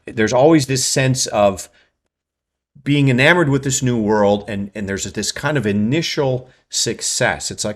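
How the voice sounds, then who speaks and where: A man hosting a writing channel, giving a quick explanatory lecture and tagging his points with "right?". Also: mid-range voice. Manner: fast, tags points with "right?".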